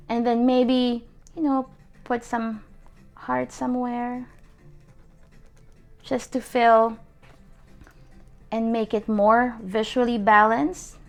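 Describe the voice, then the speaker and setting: A young woman leads a casual online calligraphy class, talking slowly and with a pitch a touch above the usual. She laughs easily and encourages her viewers as she demonstrates. Faint music sits behind her voice. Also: creaky. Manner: chatty and encouraging, laughs often, many fillers. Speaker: calligraphy workshop teacher.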